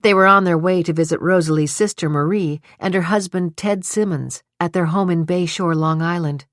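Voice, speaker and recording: A woman narrating a suspense audiobook in an even, measured storytelling manner. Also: fairly low pitch, no room sound, studio quality. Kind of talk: scripted narration.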